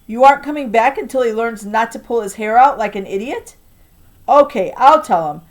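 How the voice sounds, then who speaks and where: Woman voicing a loud, scolding old grandma. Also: fairly high pitch, animated, normal speed, close to an everyday voice. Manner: loud, sing-song scolding. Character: harsh, taunting old grandmother.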